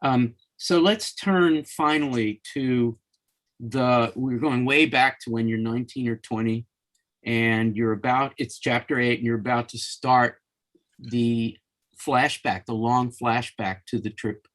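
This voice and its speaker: A man's voice: medium pitch, fairly even intonation, measured pace, fairly bright tone. A man hosting a conversation, reading audience and reader comments aloud, stammering slightly when he starts a thought. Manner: stammers on starts, reads quotes in lifted voice. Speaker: host, interviewer.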